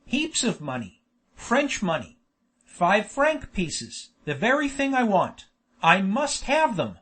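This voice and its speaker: A man's voice: high voice, very animated, normal speed, fairly bright tone, heavily acted. A man reading an audiobook, voicing an irritable, surly little male professor who insists curtly. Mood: demanding. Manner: curt, insistent.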